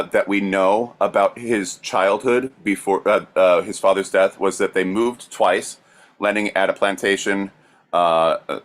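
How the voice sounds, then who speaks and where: Low-voiced male podcast co-host, plain and casual storyteller. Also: fairly bright tone. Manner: plain, with frequent fillers.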